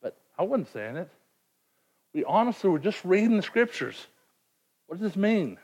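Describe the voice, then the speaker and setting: A man's voice: high-pitched, sing-song, normal speed, a little mellow. A man preaching a sermon in an earnest, emphatic way, often repeating words as he presses a point. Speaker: pastor.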